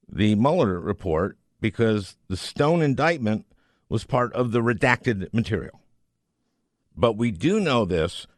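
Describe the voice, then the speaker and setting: A man's voice: fairly low pitch, dry recording, studio quality. A man hosting a podcast interview, talking in an impassioned, emphatic way as he makes his case. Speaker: podcast host.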